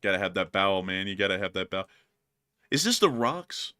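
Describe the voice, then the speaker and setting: Animated, bright-voiced male co-host. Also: deep voice, moderate pace, clear, resonant tone. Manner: animated, laughs often. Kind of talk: casual livestream chat.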